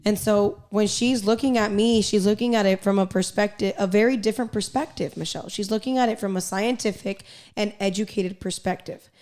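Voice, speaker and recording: A woman's voice: mid-range voice, fairly even intonation, fairly quick, few pauses, a little mellow. A woman co-hosting a casual podcast, speaking bluntly and emphatically and swearing freely. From Mexican-American. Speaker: podcast co-host.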